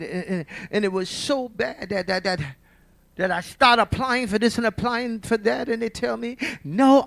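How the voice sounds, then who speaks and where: A man's voice: extremely high pitch, creaky, fairly bright tone, dry recording. A man in his sixties giving an emphatic church testimony as a preacher, repeating himself and calling out to the congregation. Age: 60s. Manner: emphatic, repetitive, calls out to the congregation.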